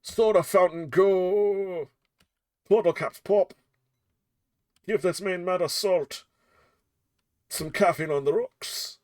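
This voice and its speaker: A man's voice: high voice, slow, pauses often, darkish tone, dry recording, clean studio sound, voice pushed up. A man voicing a jolly male bear wizard in a put-on Scottish accent, chanting playful rhyming spells. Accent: Scottish, put-on Sean Connery impression. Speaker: game master.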